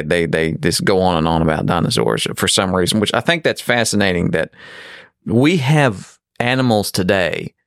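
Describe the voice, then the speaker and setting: Rambling man host, low voice. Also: no echo, studio quality. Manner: rambling storyteller, animated. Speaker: podcast host. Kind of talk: casual podcast chat.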